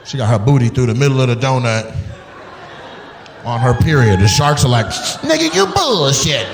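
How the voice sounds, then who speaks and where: A man doing crowd work on stage, loud and animated, acting out voices as he riffs with the audience. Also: medium pitch, fairly quick, noisy background. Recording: echoey venue with loud ambience.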